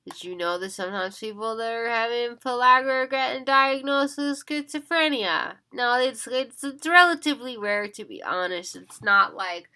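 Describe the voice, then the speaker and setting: A woman talks casually to her viewers, sounding tired and now and then yawning. Her voice is bright and forward, and she pleads earnestly. She often repeats herself and restarts her sentences. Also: fairly high pitch, normal speed, hardly any pauses, clean tone. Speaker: vlogger. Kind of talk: casual monologue to camera.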